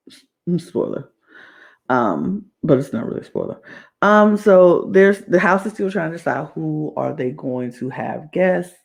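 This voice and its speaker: A woman podcast host talks through a reality-show episode in a loose, rambling recap, circling back to say the same thing twice. Her voice has a gravelly, creaky edge. She takes her time, drawing out her words at a slow, easy pace. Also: low-pitched, lively intonation, a little mellow. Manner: rambling, repeats phrases.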